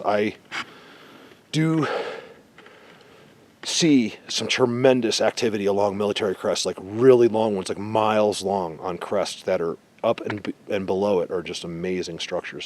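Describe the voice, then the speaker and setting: A man's voice: on the low side, a little mellow, slight background noise. A man vlogging on foot in a snowy forest, talking insistently and a bit grumpily, out of breath at times. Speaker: Bigfoot researcher vlogger. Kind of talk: casual outdoor vlog talk.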